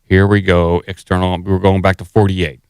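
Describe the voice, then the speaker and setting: A man's voice: sits low, flat delivery, moderate pace, clear, resonant tone, no room sound, studio quality. A man hosting a podcast, talking casually while he plays clips and fixes the sound settings. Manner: rambling while working the sound board. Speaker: podcast host. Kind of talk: casual chat.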